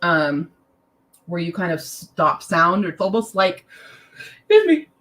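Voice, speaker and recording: A young woman leads a casual online lesson in a bright voice at an unhurried pace. She sounds tired and chatty, drifting into side remarks and making fun of herself. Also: fairly low pitch, very animated, poor audio. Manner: chatty, self-deprecating, drifts into asides and laughs. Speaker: language teacher.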